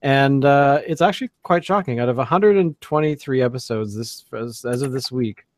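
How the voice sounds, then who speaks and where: A man's voice: mid-range voice, moderate pace, dry recording. A man co-hosting a casual beer podcast, rambling with many fillers and restarts. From Canada. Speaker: podcast co-host. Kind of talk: casual chat.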